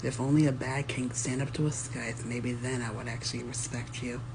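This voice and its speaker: A man's voice: mid-range voice, fairly even intonation, normal speed, very noisy. A man in a casual comedy skit, laid-back and crude in his banter. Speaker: comedy video creator.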